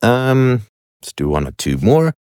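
A man's voice: medium pitch, sing-song, measured pace, darkish tone, smooth, no room sound, clean studio sound. A man casually commenting on online videos, musing aloud with frequent fillers.

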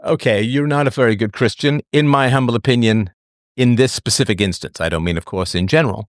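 A man with a mid-range voice and a slightly quick delivery hosts a talk show, emphatically lecturing a listener who called in and mocking excuses in a raised, quoting voice. The studio sound is dry, with no room tone.

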